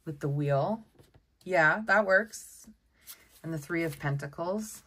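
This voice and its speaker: A woman giving a casual tarot deck walkthrough, chatty and excitable, often exclaiming over the cards. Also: deep voice, takes it slowly, slightly rough. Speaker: tarot content creator.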